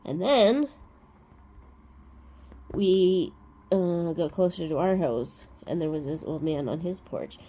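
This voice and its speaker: Woman host, casual rambling storyteller, lowish warm tone. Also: lively intonation, takes it slowly, long pauses. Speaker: crafting vlog host. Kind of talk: casual chat.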